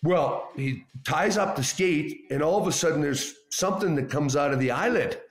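A man telling a locker-room story on a podcast in a folksy, drawn-out casual way. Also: fairly high pitch, roomy sound. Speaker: podcast guest.

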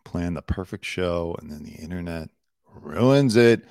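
A man's voice: low voice, animated, unhurried, a little mellow, dry recording, clean studio sound. A man hosting a casual celebrity news show, talking bluntly and sarcastically and swearing now and then.

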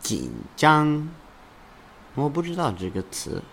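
A man's voice: on the high side, huge pitch swings, slow, vocal fry, a bit bright, slight background noise. A man with a Southern American accent, a learner repeating words and joking in a bilingual lesson. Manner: repeats words back, jokes. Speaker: language learner.

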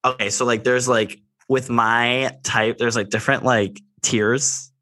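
A man's voice: mid-range voice, steady tone, unhurried, bright, forceful tone, no echo. A man co-hosting a podcast, sassy and playful in casual gossip. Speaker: podcast co-host.

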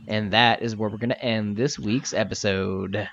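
Brief: male game master, rambling casual narration, low voice. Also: steady tone, normal speed, creaky, few pauses, fairly bright tone, lo-fi sound, a little hiss or hum. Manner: loose, filler-heavy narration. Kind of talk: narrating a tabletop game podcast.

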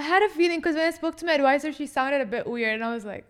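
A woman's voice: high voice, quick pace, a bit bright, slight background noise. A young woman chatting casually as a podcast guest, giggling often and tripping over repeated words. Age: young adult. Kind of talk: casual chat.

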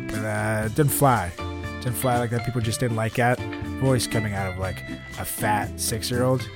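A man co-hosting a comedic podcast, deadpan and ironic, often trailing off into mumbles. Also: fairly low pitch, normal speed, loud music behind the voice. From Latin America. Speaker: podcast co-host.

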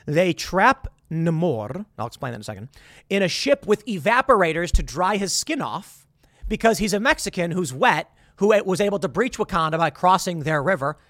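In a high, lively voice that swings up and down, a commentator rants about a movie with incredulous sarcasm, stumbling and restarting as he goes. He speaks at normal speed, and the recording is dry and close with no room around it.

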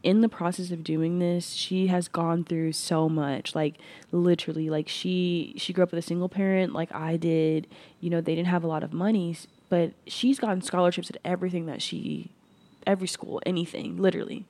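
A woman's voice: on the low side, fairly even intonation, normal speed, warm tone. A woman hosting her podcast, talking earnestly in a reflective personal monologue, with frequent restarts and "like" fillers. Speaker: podcast host.

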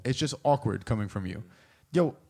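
A man's voice: mid-range voice, expressive, moderate pace, gravelly, darkish tone. Young man ranting bluntly on a podcast. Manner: blunt, profane, heated ranting. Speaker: podcast co-host. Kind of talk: casual podcast chat.

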